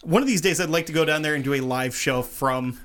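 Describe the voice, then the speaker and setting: Man, podcast co-host, bright forward voice, a bit high, upbeat plugs, casual. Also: quick pace. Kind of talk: casual chat.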